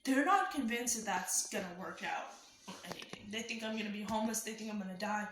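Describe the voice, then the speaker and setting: A woman's voice: mid-range voice, quick pace, background noise. A young adult woman telling a personal story in a casual storytime, chatty and full of "like" fillers. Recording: roomy room with faint music.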